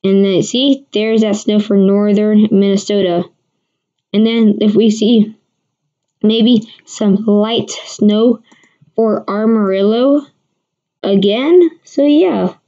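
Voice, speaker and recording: A woman's voice: medium pitch, slow pace, warm tone. A woman hosting a casual livestream weather forecast, rambling with many restarts while answering viewers. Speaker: amateur weather forecaster host. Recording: dull lo-fi stream audio.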